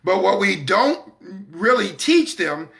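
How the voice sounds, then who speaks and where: A man's voice: high-pitched, sing-song, slow pace, gravelly, a bit bright. A man hosting a talk broadcast in a preaching-style manner, speaking emphatically and with confidence, repeating words to drive his points home. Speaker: broadcast host.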